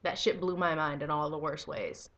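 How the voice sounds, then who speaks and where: A young woman giving a casual video review of a comic book, excitable and swearing freely, breaking into enthusiastic squeals. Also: deep voice, moderate pace.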